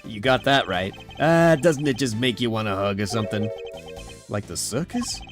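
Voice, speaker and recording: A man's voice: lowish voice, normal speed, soft background music, natural voice. A man voicing a brash, chummy male detective with a breezy, wisecracking delivery. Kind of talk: game dialogue read aloud.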